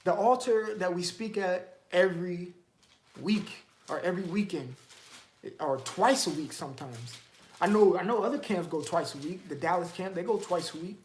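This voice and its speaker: A man's voice: sits high, normal speed, roomy sound, slight background noise. A man teaching the Bible in a casual, streetwise way, firing off emphatic rhetorical questions.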